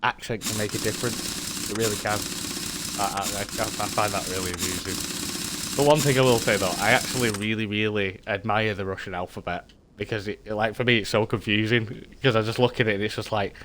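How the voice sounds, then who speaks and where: Man streaming a game, low voice, rambling chat with viewers, thinks out loud. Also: steady tone, fairly quick, background noise. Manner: chatty, rambling, thinks aloud while working; mutters quietly to himself during tasks. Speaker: streamer playing a mechanic game.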